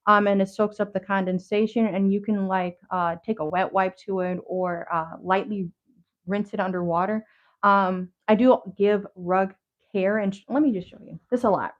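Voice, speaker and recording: A woman's voice: mid-range voice, steady tone, moderate pace. A woman chatting on a casual livestream. She rambles in loose slang, full of fillers and restarts, and talks straight to her viewers. She sounds a little out of breath, and the stream audio is slightly dull and lo-fi. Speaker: livestream host showing handmade crafts.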